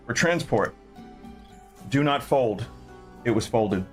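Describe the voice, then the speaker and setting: A man with a mid-pitched voice unboxing a package on video. He jokes and reads the labels aloud in a deadpan way, with music clearly audible behind him. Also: takes it slowly. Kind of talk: casual unboxing vlog.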